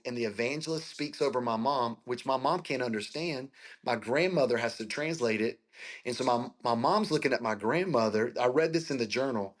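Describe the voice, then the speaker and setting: Speaking over a video call, a Florida pastor in his forties tells his life story as an interview guest. He has a mid-range voice and comes across as earnest and emotional.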